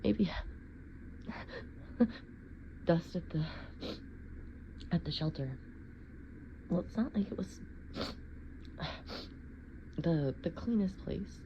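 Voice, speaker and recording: A woman's voice: lowish voice, expressive, takes it slowly, pauses often, background noise. A woman acting out a solo scenario, cooing at a pet and stammering flustered denials, in a slightly dull lo-fi recording. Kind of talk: acted solo sneeze scenario.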